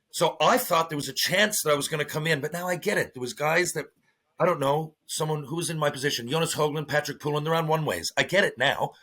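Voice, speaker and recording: A middle-aged man, a former hockey player, telling stories as a podcast guest in a lively, profane way, acting out what others said. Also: a little high. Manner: animated storyteller, swears freely, acts out quotes. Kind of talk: casual storytelling interview.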